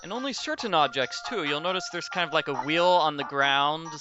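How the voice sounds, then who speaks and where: A man with a slightly high voice, commentating over game footage and explaining how the game works, with frequent ums. The recording sounds dull and lo-fi, with game music playing underneath. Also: expressive, brisk. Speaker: let's play host.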